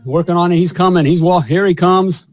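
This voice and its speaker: This man's voice sits high with a steady, darkish tone, and he talks fairly quickly over a little hiss or hum. He hosts a live plumbing talk show online from a home studio, giving an upbeat monologue in a folksy sales style, with repetition.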